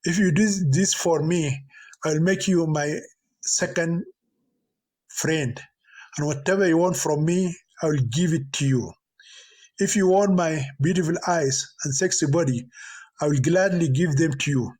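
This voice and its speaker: A man's voice: a little high, unhurried, a little mellow, breathy edge. A man voicing a spoiled, sweet-talking teenage girl, sulky and pleading.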